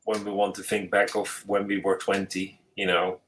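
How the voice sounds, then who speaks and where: A man's voice: on the low side, monotone, normal speed, fairly bright tone, slight background noise, low-quality recording. A man hosting a podcast as a futurist, talking in a thoughtful, searching way with frequent restarts. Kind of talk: casual conversational interview.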